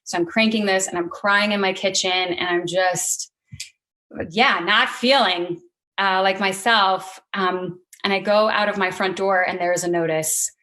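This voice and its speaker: A woman sharing a personal story before an audience in a relaxed, conversational way. She is earnest and openly emotional, laughing through tears at times. She fills her pauses with plenty of ums. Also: medium pitch.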